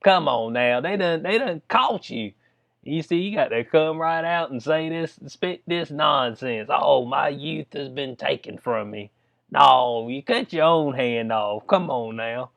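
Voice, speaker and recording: Give me a chatty man with a higher voice, laughing as he riffs on the news. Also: animated, measured pace, fairly bright tone. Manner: reads news aloud, then jokes and riffs with frequent laughs. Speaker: commentary vlogger. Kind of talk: casual reaction commentary on a news story.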